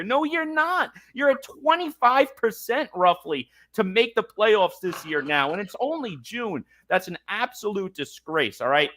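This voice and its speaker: High, bright-voiced man ranting about sports. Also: sing-song, moderate pace, hardly any pauses, slight background noise. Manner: fired-up, ranting, mocking quotes. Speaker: podcast host. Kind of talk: heated sports talk rant.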